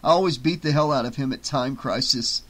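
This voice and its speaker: A man's voice: mid-range voice, a little fast, natural voice. A man reading an audiobook, voicing a flippant young man who talks in an offhand, sarcastic way.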